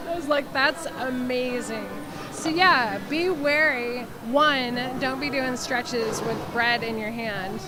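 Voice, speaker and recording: Woman sports commentator, high voice, brisk and wry, clear background noise.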